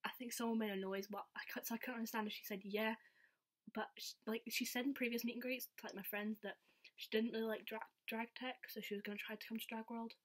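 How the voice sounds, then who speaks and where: A woman's voice: fairly high pitch, level tone, quick pace. Young woman vlogger, chatty and giggly, casual storytelling. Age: young adult. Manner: chatty, giggly, says "like" a lot.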